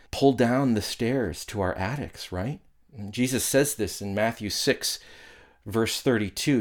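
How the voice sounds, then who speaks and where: Man preaching in a low, earnest voice. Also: a little mellow. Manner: earnest, conversational preaching with quoted prayers. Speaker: pastor. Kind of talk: sermon.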